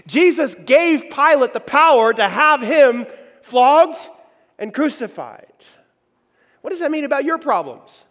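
High-voiced male preacher, echoing hall. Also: big pitch swings, measured pace. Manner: emphatic, swinging between loud and quiet, asks the audience questions. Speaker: pastor. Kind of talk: sermon.

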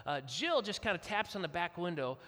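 A middle-aged guest speaker from Kentucky delivers a storytelling sermon in a bright, forceful voice slightly higher than most men's, at a brisk pace. An animated storyteller, he acts out quotes, and his words ring out with a long hall reverb.

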